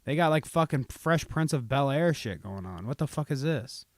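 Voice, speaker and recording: A man's voice: medium pitch, expressive, normal speed, dry recording, clean studio sound. A young man hosting a casual livestream podcast, ranting sarcastically with lots of swearing. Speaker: podcast host.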